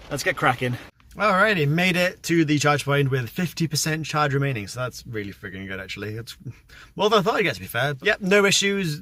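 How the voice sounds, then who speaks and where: A young man chats through his daily vlog, thinking aloud in a relaxed, self-deprecating way. His voice sits a little higher than most men's. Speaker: vlogger. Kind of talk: casual vlog narration.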